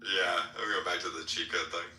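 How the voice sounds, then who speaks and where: A man with a very low, strikingly bright, edgy voice chats casually, swearing and laughing as he goes. The room is echoey and there is faint noise underneath. He talks like a podcast co-host bantering with friends. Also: little pitch movement, a little fast. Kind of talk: casual chat. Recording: roomy echo, faint noise.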